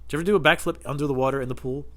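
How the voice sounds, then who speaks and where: A man's voice: mid-range voice, steady tone, very fast, fairly bright tone. A man hosting a solo podcast, telling rambling, profane comic stories from home. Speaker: podcast host. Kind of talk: solo comedic storytelling podcast.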